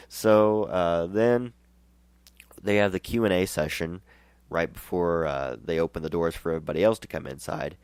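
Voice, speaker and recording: A male show host telling a rambling, excited story in a casual way, laughing and restarting as he goes. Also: sits low, normal speed, clear, resonant tone, no room sound.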